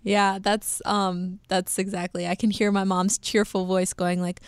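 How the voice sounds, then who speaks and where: A woman's voice: mid-range voice, flat delivery, a little slow, few pauses, clear, resonant tone, dry recording. A young woman co-hosting a podcast, chatting casually with many fillers and small laughs. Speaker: podcast co-host. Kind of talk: casual chat.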